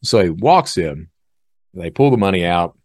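A man hosting a podcast, telling a story in a casual, animated way and acting out other people's lines. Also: low-pitched, moderate pace, no echo, studio quality. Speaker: podcast host.

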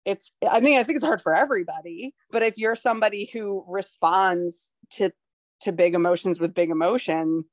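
A woman in her thirties talking as a guest on a casual podcast, heard close and dry. She rambles, circling back and restarting her sentences. Her voice sits at a middle pitch. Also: moderate pace, dry recording. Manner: rambling, many fillers and restarts.

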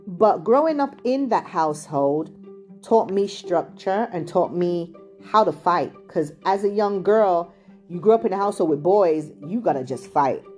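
A middle-aged British woman tells a loose, chatty story about her childhood, wandering off on side tracks. Her voice sits low and sounds warm and dark. Faint music plays softly behind her. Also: expressive, a little slow. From England, also raised in Chicago. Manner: chatty, digressive, many "like" and "you know". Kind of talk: casual storytelling monologue.

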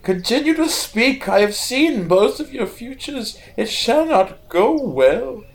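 A man voicing a cryptic, cloaked male seer who speaks in slow, drawn-out prophecies. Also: extremely high pitch, sing-song, voice pushed up, heavily acted. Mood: ominous.

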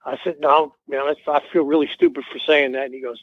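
Over a tinny, dry phone line, a musician guest tells a rambling, casual story in an interview, performing the lines of dialogue he quotes. His voice sits on the high side, he talks fast, and the recording is dry.

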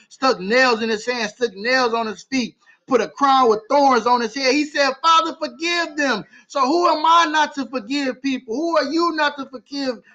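A man delivers an impassioned sermon on a home livestream. His voice sits unusually high as he repeats lines for emphasis. The audio sounds dull and lo-fi. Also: bright, forceful tone. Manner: impassioned, repetitive preaching in vernacular English. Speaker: livestream preacher.

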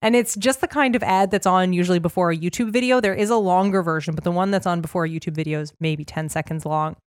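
A woman's voice: on the low side, fast talker, no echo, studio quality. A woman chatting enthusiastically and telling stories in a casual group conversation. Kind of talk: casual chat.

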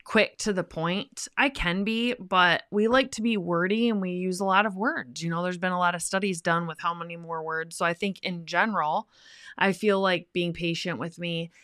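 A woman's voice: on the low side, moderate pace, no room sound, clean studio sound. A woman in her thirties co-hosting a faith-based marriage podcast, talking in a wordy, openly emotional way. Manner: wordy, emotional, animated when she acts out friends. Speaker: podcast co-host.

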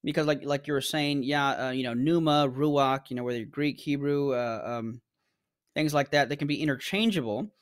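A man's voice: medium pitch, moderate pace. A man as a podcast guest explaining ideas in casual conversation, using everyday examples. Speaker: guest apologist.

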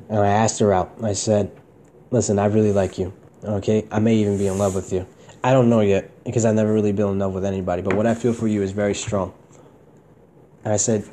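A man's voice: mid-range voice, warm tone. A young man with a mid-range voice tells his own story on his podcast. He rambles, swears freely and leans on street slang, talking as if to a friend. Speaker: podcast host. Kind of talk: casual solo storytelling.

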